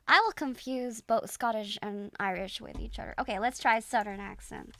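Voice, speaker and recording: A woman's voice: on the high side, normal speed, few pauses, a bit bright, dry recording. A woman streamer chatting casually as she reacts to a video, giggling and playfully imitating accents.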